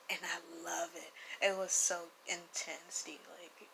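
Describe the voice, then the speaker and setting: A young woman casually telling a personal story to camera, animated and swearing freely, often dropping into hushed whispers. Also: lowish voice, normal speed, creaky, slight background noise, poor audio. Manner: animated, profane, laughs often; slips into hushed whispers for emphasis. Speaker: vlogger recounting spiritual experiences.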